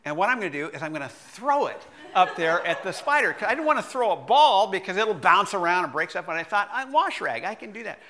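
A middle-aged pastor preaches a sermon, telling a personal story in a lively way and laughing often. His voice is high-pitched and his pace quick.

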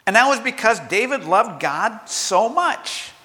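A man's voice: sits high, lively intonation, a little slow, sharp tone, long reverb tail. An older man preaching a sermon in a conversational way, asking rhetorical questions and acting out quotes. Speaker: pastor.

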